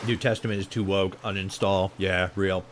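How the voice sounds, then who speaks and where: A man's voice: low voice, flat delivery, normal speed, very noisy. A young man chatting casually on a live stream while gaming, rambling and swearing heavily with many restarts. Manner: rambling, profane, full of restarts and laughs.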